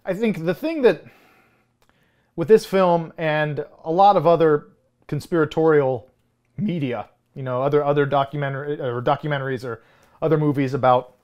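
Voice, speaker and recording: A man's voice: a little high, normal speed, a little mellow, lo-fi sound. A man in his thirties co-hosting a film podcast in casual chat, rambling with frequent restarts and chuckles. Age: 30s. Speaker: podcast co-host.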